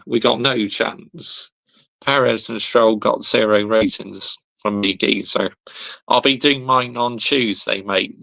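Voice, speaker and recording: A man's voice: fairly low pitch, gravelly, a bit bright. A young man, hosting a casual football livestream, reading chat comments aloud, laughing often and answering with slang.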